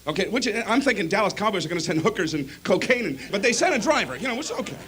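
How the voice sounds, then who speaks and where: A man from Michigan doing an animated stand-up comedy set on a club stage. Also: high-pitched, fast. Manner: animated storytelling.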